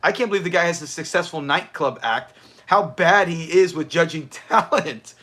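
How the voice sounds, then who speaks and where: A man's voice: a little high, moderate pace, fairly bright tone. A man hosting a livestream watch party, chatting casually, answering viewers and laughing often. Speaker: livestream host.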